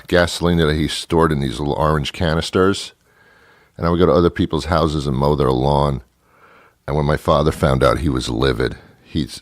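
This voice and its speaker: A middle-aged man from New Jersey tells rambling stories in a grumpy, sardonic comic monologue. His voice sits very low. The recording is close and dry. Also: no echo. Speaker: show host. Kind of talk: comedic monologue.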